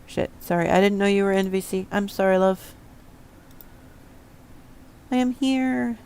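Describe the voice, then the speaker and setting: A woman's voice: medium pitch, unhurried, darkish tone, smooth. A woman streamer chatting to herself as she plays, casual and prone to swearing under her breath. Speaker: game streamer. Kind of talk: casual gameplay commentary.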